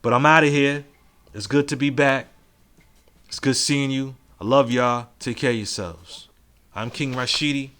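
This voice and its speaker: A man hosting his own podcast by himself, speaking at a middle pitch. He is frank and reflective and swears freely, as if talking into a home mic. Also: steady tone, normal speed, a bit bright, slight background noise. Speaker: podcast host. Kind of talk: casual solo podcast monologue.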